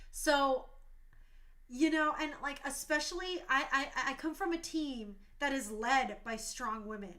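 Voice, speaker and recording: A woman in her thirties hosting a talk show stream, speaking passionately and emotionally, tearful at times. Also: high-pitched.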